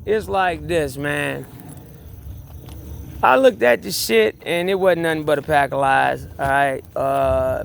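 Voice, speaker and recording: A man with a high, gravelly voice tells his side of a story in a rambling rant. He sounds agitated and swears freely, circling back to repeat his point and restarting his sentences. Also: a little hiss or hum. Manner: agitated, profane, repeats himself, many restarts. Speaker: vlogger. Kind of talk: rambling personal rant to camera.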